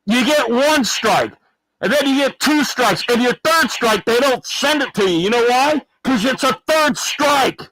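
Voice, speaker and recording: A brash, dim-witted clown in his fifties with a put-on Arkansas drawl, as a man plays him for a livestream comedy bit. The voice sits high and swoops wildly, and the talk is slow and dragging. His rambling rant is full of shouted insults, and the sound is dry and close. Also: expressive, no echo, heavily acted, rough recording. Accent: put-on Arkansas accent. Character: loud dim-witted male clown from the American South, fifty-six.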